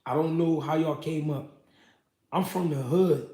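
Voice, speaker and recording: A young man, a former pro boxer, telling his story in a casual, animated, profane way. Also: a little high, a little slow. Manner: animated, profane street talk with many "you know what I mean". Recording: echoey room.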